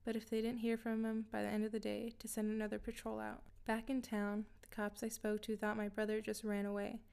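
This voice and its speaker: A woman reading a scripted first-person story in a steady, even way. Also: medium pitch, a little fast, vocal fry, clear, resonant tone. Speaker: narrator.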